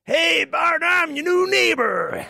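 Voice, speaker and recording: An Australian man putting on the voice of a brash, pushy cowboy neighbor in a joke, with a booming, drawn-out shouted delivery. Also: sing-song, vocal fry, no room sound, studio quality, exaggerated voice. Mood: boisterous.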